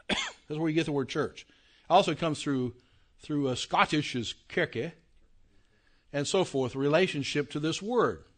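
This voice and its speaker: Lecturing a congregation like a class, a man with a slightly raised pitch teaches the Bible in plain, conversational speech. His intonation is lively and his pace measured, with long pauses, and he keeps asking if people follow while drawing out stressed words.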